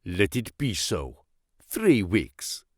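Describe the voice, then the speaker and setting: A man's voice: on the low side, wildly swooping pitch, extremely slow, no room sound, clean studio sound, pitched below the performer's own voice, exaggerated voice. A man doing a starving, defiant captive.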